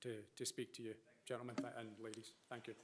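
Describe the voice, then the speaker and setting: A man speaks up during public comment, earnest and rambling. His voice sits at an ordinary middle pitch. He apologizes for going on too long. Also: monotone, fast. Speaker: member of the public.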